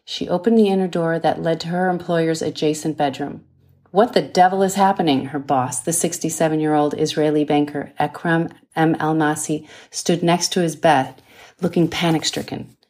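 A woman, the author, reading her own thriller novel aloud in a measured, dramatic way. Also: low voice, flat delivery, darkish tone. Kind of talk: audiobook narration.

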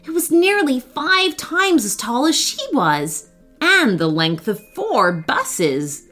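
A woman reading a children's bedtime story aloud, slow and expressive. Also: sits high, soft background music. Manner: slow, sing-song, expressive.

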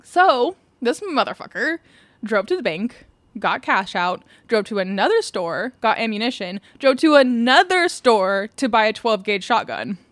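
A woman's voice: a little high, sing-song, measured pace, fairly bright tone, no room sound. A woman co-hosting a podcast, casually retelling a true-crime case from her notes, laughing often and swearing offhandedly. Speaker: podcast co-host.

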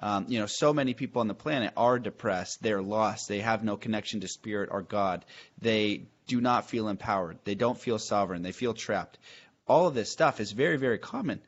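A podcast host chats casually, talking in an enthusiastic, searching way and restarting his questions as he thinks aloud. His voice is fairly low and fairly quick, with lo-fi sound.

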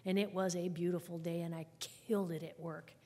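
A woman's voice: on the low side, level tone, brisk, a little mellow. A woman telling her personal recovery story to a group at a meeting, candid and conversational, with wry humor. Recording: long hall reverb.

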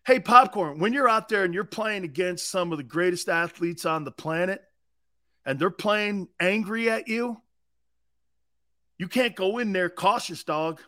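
Older radio guy, loud brash football talk, high bright voice, swears a lot. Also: unhurried. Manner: brash, profane storytelling with shouted quotes and laughs. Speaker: radio show host.

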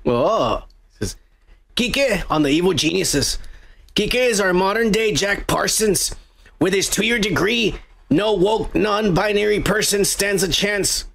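Brief: male podcast co-host, gravelly and a touch high, crude rambling banter. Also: animated, slow pace, a bit bright. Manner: crude, rambling, swears often. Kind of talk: casual profane chat reading comments.

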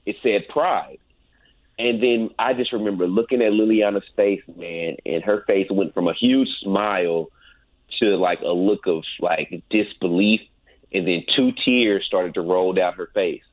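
A man's voice: deep voice, measured pace, no echo. A man guesting on an interview as a paranormal investigator, telling a story in a laid-back, casual way and often saying "man.". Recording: tinny phone-like line.

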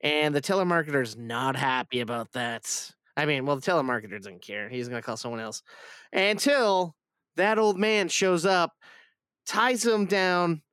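A man hosting a podcast in casual, joking, animated chat with his co-host. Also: on the high side, moderate pace, clear, resonant tone, no echo.

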